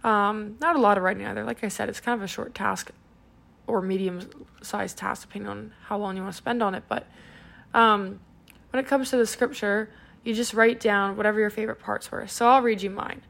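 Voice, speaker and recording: A young woman hosts a devotional podcast in a casual, conversational tone. Her voice sits at a middle pitch with a touch of vocal fry. She drifts through her thoughts with frequent fillers. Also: fairly even intonation, a little fast, fairly bright tone. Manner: chatty, many "um"s and "like"s. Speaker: podcast host.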